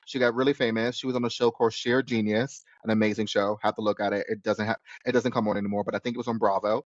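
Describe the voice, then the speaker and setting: A man's voice: lowish voice, flat delivery, fast talker, dry recording, highs cut off. A man co-hosting a podcast, chatting loosely about a reality show, rambling and stumbling over names. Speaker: podcast co-host. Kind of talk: casual chat recapping a reality show.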